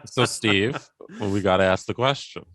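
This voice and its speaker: A man's voice: lowish voice, moderate pace, a bit bright, dry recording. A man co-hosting a podcast in casual chat, upbeat and teasing.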